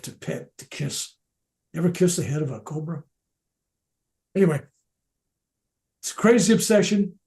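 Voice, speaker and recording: An older man telling his spiritual experiences in a loose, animated way, often restarting his sentences and dropping his voice to a near-whisper for emphasis. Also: on the high side. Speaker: speaker at a veterans event. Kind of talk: spoken personal storytelling.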